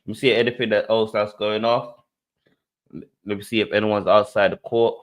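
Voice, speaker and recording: A man hosting a casual livestream, talking in animated bursts and repeating his points. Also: brisk. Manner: animated, repeats himself, swings in pitch. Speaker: host.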